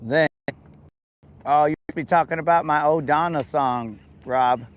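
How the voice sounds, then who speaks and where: A man's voice: a little high, measured pace, a little hiss or hum. A young adult man hosting a podcast, chatting casually and jokingly in heavy slang, calling everyone bro and dog. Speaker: podcast host. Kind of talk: casual chat.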